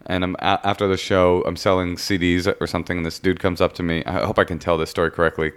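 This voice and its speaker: A lower-pitched man holds the floor with a funny story in a relaxed podcast conversation. He tells it in a lively way and slips into little voices whenever he quotes someone. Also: quick pace, smooth. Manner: animated anecdote teller, mimics others in quotes. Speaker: comedian guest.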